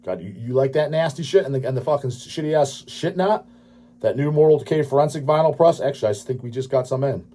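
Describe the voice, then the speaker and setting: Male host, late 30s, husky voice, crude profane ranting delivery. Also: mid-range voice, expressive, fast, mellow. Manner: crude, swearing, dismissive ranting. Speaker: channel host answering viewer questions. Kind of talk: profane ranting casual talk.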